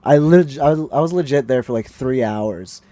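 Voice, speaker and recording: A man chatting casually as a guest on a podcast, full of jokes and teasing asides. His voice sits in an ordinary middle register with a mellow, relaxed color. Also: mid-range voice, normal speed, no room sound. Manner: joking, teasing, laughs often. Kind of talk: casual chat.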